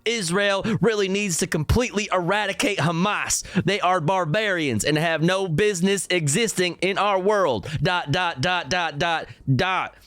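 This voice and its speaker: A man's voice: high voice, measured pace, few pauses, fairly bright tone, dry recording. A young man streaming live, laughing in disbelief, swearing and reading headlines and chat comments aloud.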